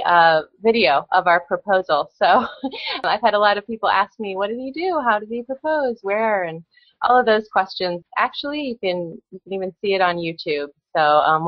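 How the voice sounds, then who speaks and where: A woman's voice: medium pitch, dry recording, highs cut off. A young adult woman speaking as a podcast guest in casual chat, earnest and hesitant with many fillers.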